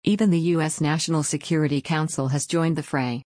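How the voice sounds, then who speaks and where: A woman reading a news article aloud in an even, measured way. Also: low-pitched, dry recording. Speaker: news reader.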